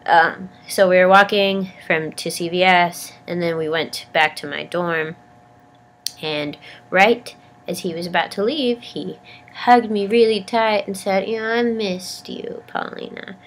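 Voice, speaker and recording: A young woman with a lowish voice and a steady, slightly slow delivery chats casually for her vlog. She sounds sick and congested, rambling and stammering while poking fun at herself.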